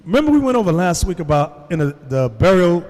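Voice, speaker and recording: A man's voice: high-pitched, sing-song, fast, darkish tone, in a large hall. A man preaching to a congregation, telling stories and addressing the room directly. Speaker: religious teacher. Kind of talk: sermon to a congregation.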